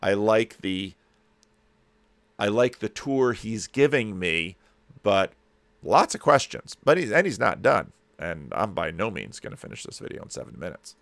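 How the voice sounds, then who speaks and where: A man's voice: on the low side, very animated, a little slow, gravelly, fairly bright tone, no echo. A man hosting a commentary, reacting to a lecture clip in a musing, digressive way with many restarts. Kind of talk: casual spoken commentary.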